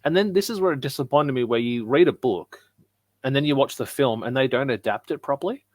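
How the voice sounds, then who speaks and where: A man's voice: medium pitch, a little fast, no echo. A man chatting casually as a podcast co-host, telling stories and acting out what his wife said. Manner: chatty storyteller, acts out his wife's lines.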